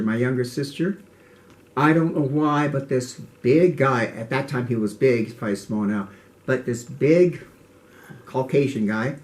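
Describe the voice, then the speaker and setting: An older man telling childhood memories in an interview, earnest and halting, often repeating words. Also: mid-range voice. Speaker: interviewee, martial arts teacher. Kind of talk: reflective interview storytelling.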